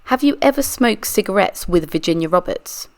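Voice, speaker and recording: This woman reads for a true crime channel, voicing a dogged adult lawyer who grills a witness with methodical, pressing questions. Her mid-range voice has lively intonation and stays close to everyday speech, moving at normal speed as she reenacts the deposition.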